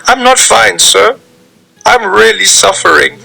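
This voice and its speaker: A man voicing his younger self on trial, pleading in a high, cracking voice, from an audiobook. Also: measured pace, gravelly, sharp tone, slightly rough, exaggerated voice, poor audio.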